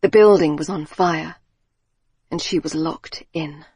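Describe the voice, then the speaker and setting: Husky woman narrating a tense audiobook. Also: sits low, a little mellow, no room sound. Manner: measured, tense storytelling. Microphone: close studio mic.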